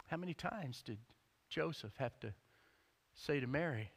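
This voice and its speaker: A man preaching a sermon as pastor. He tells the story with energy, acts out the quotes in character and rises almost to a shout. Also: on the high side, huge pitch swings, brisk. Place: church sanctuary. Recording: long church-hall reverb.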